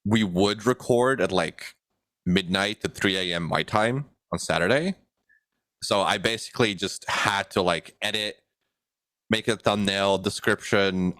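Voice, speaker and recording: A young man co-hosting a podcast in a relaxed, chuckling chat full of fillers. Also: low-pitched, no room sound. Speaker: podcast co-host and editor.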